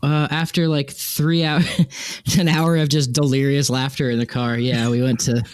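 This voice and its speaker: A man co-hosting a podcast, telling a story in casual chat, lively and swearing, acting out the people he quotes. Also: medium pitch, moderate pace, clean tone, dry recording. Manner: animated, swearing, quotes people in exaggerated voices. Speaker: podcast co-host.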